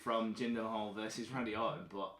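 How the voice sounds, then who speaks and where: A man's voice: lowish voice, fairly even intonation, quick pace, a bit bright. A man co-hosting a casual podcast chat, laid-back and wry. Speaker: podcast co-host. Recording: roomy echo.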